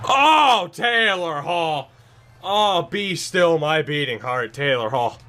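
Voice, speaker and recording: A man giving casual commentary over his own video game match, tired and sarcastic, breaking into sudden excited outbursts. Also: fairly high pitch, slow. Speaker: gaming YouTuber.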